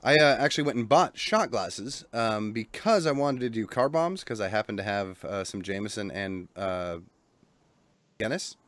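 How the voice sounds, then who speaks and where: A man's voice: fairly low pitch, animated, normal speed, fairly bright tone, no echo. A man hosting a gaming podcast, chatting casually in a jokey, rambling, self-deprecating way. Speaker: podcast host. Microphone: studio microphone.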